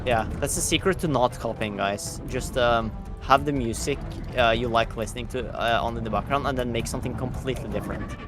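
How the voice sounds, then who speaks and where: A young man joining a casual gaming chat, making sarcastic, deadpan ironic jokes. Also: mid-range voice, a little fast. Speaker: guest co-player. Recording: music clearly playing behind.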